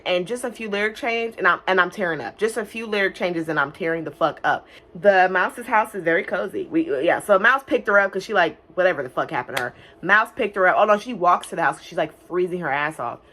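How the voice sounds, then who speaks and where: A woman's voice: lowish voice, fairly bright tone. Young woman, casual movie recap, rambling, profane, lots of fillers. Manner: chatty, profane, many "like" fillers; quick bursts of mock-singing and silly character voices. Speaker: movie reviewer. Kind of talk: casual film recap vlog.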